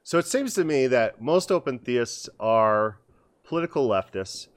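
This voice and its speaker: On a casual conversational podcast, a middle-aged co-host winds through anecdotes, full of restarts and false starts. His pitch is ordinary middle range for a man, his intonation lively and pace measured, and he slips into other people's voices when quoting them. No echo.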